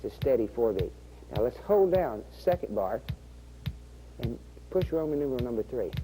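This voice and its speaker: A man's voice: medium pitch, sing-song, moderate pace, dark tone, poor audio. A man hosting an instructional video, patiently walking the viewer step by step through programming rhythms on an organ. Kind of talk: instructional demonstration. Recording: faint organ music behind the voice. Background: organ rhythm sounds.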